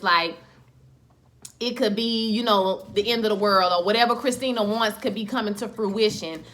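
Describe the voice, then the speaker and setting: Bright-voiced woman recapping a show. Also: medium pitch. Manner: animated, slangy, acts out scenes in quoted voices. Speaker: TV show reviewer. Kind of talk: casual episode recap.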